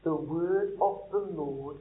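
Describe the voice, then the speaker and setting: A man preaching a sermon, blunt and emphatic, swinging between quiet and loud. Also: a little high, slow pace. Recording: echoey room over a tinny, phone-like line.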